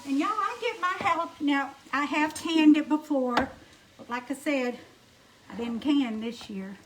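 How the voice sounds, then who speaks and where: A middle-aged woman with a warm-sounding Alabama drawl talks her viewers through a home-cooked supper, folksy and chatty, calling out hellos by name. Her voice sits high. The kitchen is noisy, with pots and dishes knocking clearly in the background. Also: a little slow. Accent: Southern US, Alabama. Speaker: home cooking livestream host. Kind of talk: casual cooking livestream chat.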